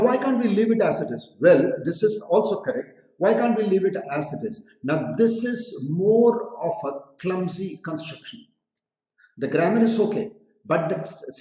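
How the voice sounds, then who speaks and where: Mellow Indian English teacher, echoey room. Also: male voice, on the high side. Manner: explains patiently, repeats phrases, mixes in Hindi; addresses students directly with questions. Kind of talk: live online English lesson.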